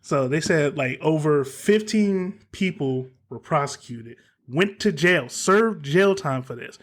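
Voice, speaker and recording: A man's voice: on the high side, lively intonation, slow. A man hosting a casual podcast, telling a story in a heated way and swearing freely. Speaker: podcast host.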